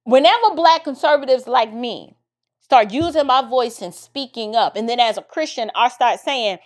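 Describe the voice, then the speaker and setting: A woman's voice: sits high, lively intonation, normal speed. A young adult woman giving a political commentary monologue, emphatic and repetitive, with a preacher-like cadence.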